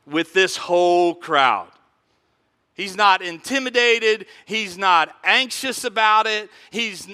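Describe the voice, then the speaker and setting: A man's voice: high voice, pushed and bright, clean tone. A man preaching a sermon as pastor, conversational and full of restarts, in a large church hall. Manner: conversational preaching with frequent restarts, acting out quoted voices. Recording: long hall reverb.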